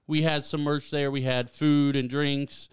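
Young male podcast co-host, excitable and laughing a lot, somewhat high, smooth clear voice. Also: a little slow. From Ohio. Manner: excitable, laughs often, says dude and man a lot. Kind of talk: casual chat.

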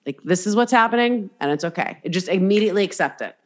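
Talking fast with an expressive, mid-range voice, a woman hosts a podcast. She's open and relaxed, curses without restraint, and does character voices during her stories.

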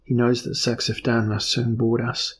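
A man's voice: medium pitch, monotone, moderate pace, slight background noise, lightly acted. A man voicing a despairing young woman. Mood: fearful. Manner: quiet, despairing delivery.

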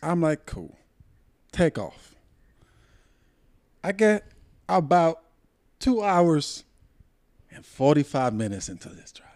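Here the young co-host from Puerto Rico speaks slowly with long pauses, his voice fairly high, while still telling his story in a heated, animated, profane manner. It's a casual podcast chat captured with a dry, close sound.

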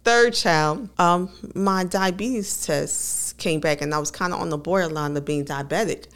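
Woman, podcast co-host, candid, laughs often, low voice. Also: normal speed. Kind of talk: casual conversational podcast.

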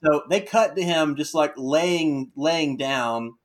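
A young man co-hosting a casual wrestling recap podcast, animated and quick to laugh. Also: a little high. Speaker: podcast co-host.

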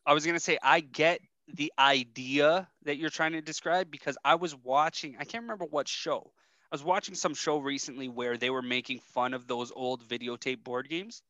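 A man's voice: on the high side, fairly even intonation, moderate pace, sharp tone, no room sound, dull audio. A young man co-hosting a podcast, telling rambling stories and laughing often in casual chat. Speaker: podcast co-host.

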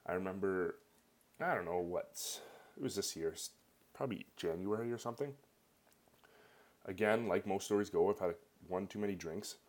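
This low-sitting voice belongs to a young Canadian man, moving at a moderate pace with long pauses. In his Canadian accent he rambles casually through a personal story, animated and heavy on fillers.

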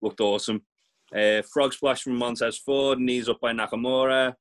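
A man's voice: medium pitch, steady tone, moderate pace. A man, co-hosting a podcast, recapping wrestling in a rambling, sweary casual chat. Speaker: podcast co-host.

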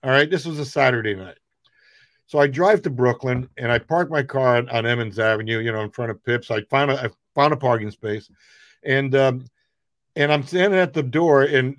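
A middle-aged man, a comedian guest, telling rambling, animated anecdotes. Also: mid-range voice, dry recording. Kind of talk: casual storytelling.

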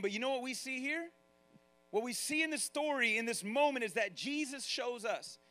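High, bright-voiced preaching man. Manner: animated, acts out quoted voices, talks straight to the congregation. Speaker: pastor. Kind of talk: sermon.

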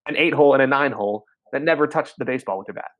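A man hosting a casual sports podcast, talking in quick, energetic, opinionated run-on sentences. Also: mid-range voice, no echo. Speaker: podcast host.

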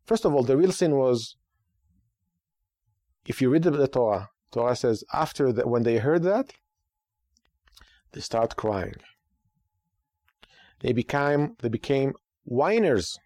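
A man who is a rabbi and a radio podcast host, giving lively talk-show commentary with rhetorical questions and repeated phrases for emphasis. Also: medium pitch, takes it slowly, long pauses, dry recording, clean studio sound.

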